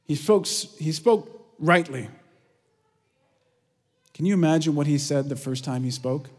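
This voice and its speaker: A man preaching a sermon, telling stories with energy and dropping to a hushed, prayerful tone. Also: a little slow, pauses often. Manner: earnest, lively storytelling with hushed prayerful lows. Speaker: pastor. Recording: long reverb of a large hall.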